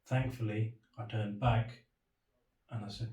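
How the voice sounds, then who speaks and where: A man's voice: lowish voice, steady tone, moderate pace, mellow. A young British man telling his personal story in an interview, reflective and candid, acting out the dialogue he remembers in quoted voices. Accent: British English. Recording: echoey room, voice from a distance.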